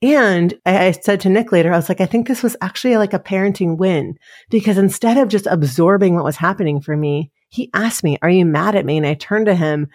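A woman's voice: fairly low pitch, brisk, darkish tone, no echo, studio quality. A woman in her thirties, a podcast guest in casual conversation, telling candid stories and quoting herself and her son.

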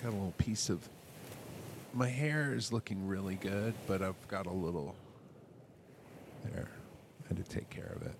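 A man hosting his own music podcast in a casual, rambling monologue, full of self-mocking jokes and sudden loud bursts of enthusiasm. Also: low voice, moderate pace, long pauses, background noise.

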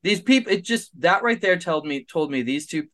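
A man's voice: a little high, animated, normal speed, fairly bright tone. A man guest-hosting a horror film podcast, talking through his views in a casual, thinking-aloud way with restarts. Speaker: guest co-host, documentary director.

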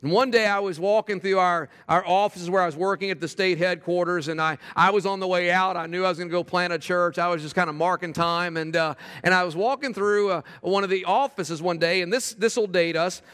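High-voiced, animated male preacher. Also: fairly quick, few pauses, clean tone, long reverb tail. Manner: animated storytelling, repeats words, quiet fervent prayer passages. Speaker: pastor planting a church. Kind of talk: sermon with storytelling.

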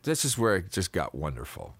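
A man's voice: deep voice, fairly quick, slightly rough. A man co-hosting a podcast, telling a story casually and with energy on a studio mic. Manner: animated storytelling. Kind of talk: casual chat.

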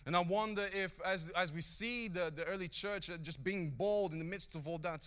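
Bright-voiced preacher, earnest and animated. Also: male voice, fairly high pitch. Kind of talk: sermon.

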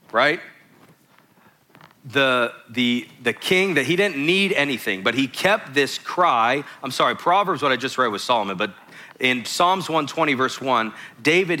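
A man's voice: mid-range voice, sharp tone. A man preaching a sermon, reading scripture verses aloud and stopping to explain them to his listeners.

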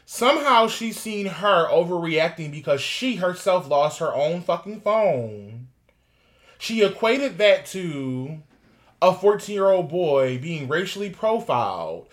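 A man co-hosting a gossip podcast, ranting heatedly and swearing constantly in casual chat. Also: fairly high pitch. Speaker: podcast co-host.

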